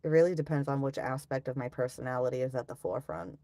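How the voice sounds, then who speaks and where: A woman's voice: rumbling low, lively intonation, quick pace, dark tone, no echo. A middle-aged woman chatting casually on a live stream, ranting, sighing and swearing as she talks.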